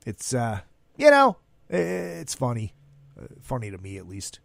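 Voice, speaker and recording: A man's voice: medium pitch, a little slow, gravelly, pauses often, no echo, clean studio sound. A man hosting an online stream, telling stories in a casual, rambling way, full of swearing and quoted back-and-forth. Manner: animated storytelling with profanity and acted-out quotes. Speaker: host of an online talk stream. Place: at home.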